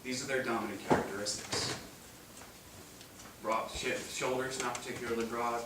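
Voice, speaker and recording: A man giving an animated, joking seminar talk to a live audience. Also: medium pitch, moderate pace. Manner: animated, joking, acts out voices with laughs. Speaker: chiropractic seminar speaker. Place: large room with live audience. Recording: distant mic, echoey room, noisy.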